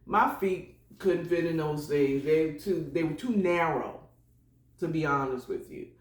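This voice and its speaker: A woman's voice: deep voice, measured pace, echoey room. A woman hosting a casual solo morning chat podcast, rambling and chatty with prayerful asides. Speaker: podcast host.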